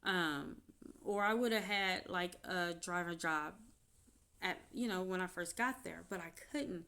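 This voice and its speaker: A woman vlogger telling her own story off the cuff, candid and halting, turning animated as she retells events. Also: on the low side, gravelly, smooth. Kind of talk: unscripted personal storytelling.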